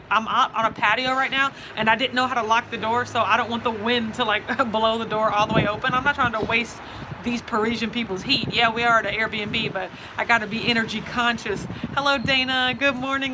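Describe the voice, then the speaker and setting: A young woman vlogger chatting casually on a live stream, greeting viewers by name and giggling often, speaking from an outdoor patio. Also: on the high side. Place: outdoor patio in a city neighborhood. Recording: noisy outdoor phone recording.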